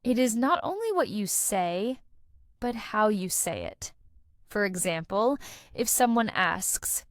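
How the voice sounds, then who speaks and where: A woman giving a scripted English lesson, speaking in a slow, deliberate teaching manner. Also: mid-range voice, no echo, clean studio sound. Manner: slow, deliberate teaching delivery with lively intonation.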